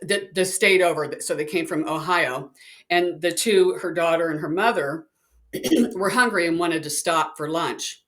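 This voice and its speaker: A woman's voice: on the low side, a little slow. A woman, a psychic, casually telling a personal story and acting out the voices of the people in it. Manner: chatty, animated, acts out quoted voices.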